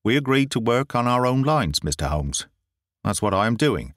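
A stubborn, sly country inspector, as a man reading aloud puts him on, politely guarded and dogged in a storybook telling. His pitch rises and falls in a lively way, and the recording is close and dry with no room around it. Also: normal speed, no room sound.

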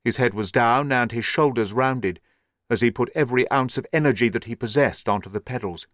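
A man giving a measured, steady narration of an audiobook. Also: medium pitch, dry recording, clean studio sound.

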